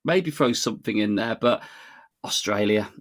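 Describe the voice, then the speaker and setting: A man's voice: fairly low pitch, animated, moderate pace, a bit bright. A British man co-hosting a podcast, talking thoughtfully and hedging with "you know". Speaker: podcast co-host. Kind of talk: casual podcast chat.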